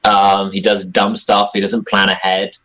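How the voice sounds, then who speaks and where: A man's voice: lowish voice, completely flat delivery, unhurried, sharp tone, rough recording. A young man chatting casually as an interview guest about his role-playing game character, rambling and self-deprecating with frequent chuckles. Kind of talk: casual chat.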